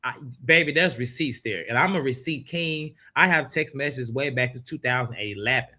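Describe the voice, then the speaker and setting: A man hosting a casual reality TV recap, retelling the drama in an animated, incredulous way. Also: medium pitch, normal speed.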